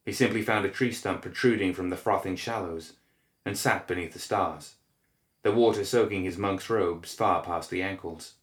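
A man narrating a dark fantasy story in a measured, grave manner, recorded in an echoey room. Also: low-pitched.

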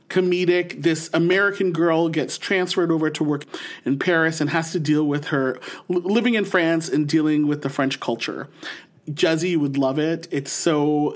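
A man co-hosting a podcast, chatting enthusiastically about shows, acting out quotes in a raised voice. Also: on the high side. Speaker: podcast co-host. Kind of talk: casual chat, pop culture recommendations.

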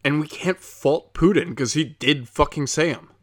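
A man's voice: fairly high pitch, moderate pace. A young man doing a profane, heated ranting monologue as a comedian podcast host, slipping into mocking quoted voices.

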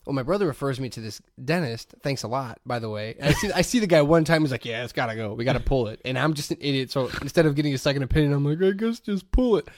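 Fast-talking animated man. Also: medium pitch, a little hiss or hum. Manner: animated, laughing storyteller, swears freely. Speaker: podcast co-host. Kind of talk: casual chat, storytelling.

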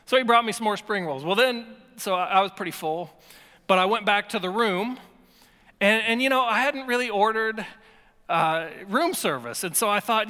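High, bright-voiced preaching man. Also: moderate pace, smooth, long reverb tail. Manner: emphatic preaching with playful asides and repeated words. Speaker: pastor. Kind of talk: sermon.

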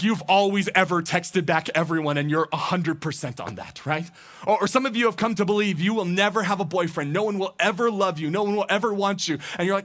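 Young male pastor, high voice, chatty animated sermon delivery. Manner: conversational, animated, acts out quoted thoughts. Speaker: teaching pastor.

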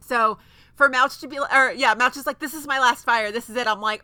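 A woman's voice: a little high, fairly quick, bright, forceful tone, dry recording. A woman co-hosting a podcast, chatting casually about a TV episode with many fillers, and she has the hiccups. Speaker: podcast co-host. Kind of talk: casual chat.

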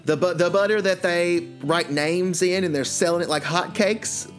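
A man's voice: high-pitched, moderate pace, soft background music. A man co-hosting a comedy chat show, telling jokes playfully and chuckling through them. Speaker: co-host.

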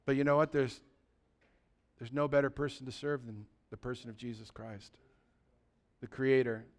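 A male pastor preaching a lively, conversational sermon, often asking the congregation questions. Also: medium pitch, normal speed.

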